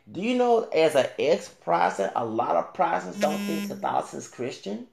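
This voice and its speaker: A man's voice: fairly high pitch, animated, moderate pace, vocal fry, few pauses, a little mellow, roomy sound. A man ranting casually to camera as a YouTuber, rambling with many restarts and fillers and talking back directly to another creator.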